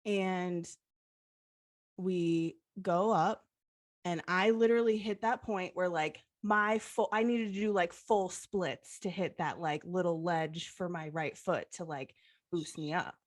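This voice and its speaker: A woman's voice: lowish voice, takes it slowly. A young adult woman co-hosting a podcast, retelling a personal story in a heartfelt way and leaning on the filler "like". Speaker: podcast co-host.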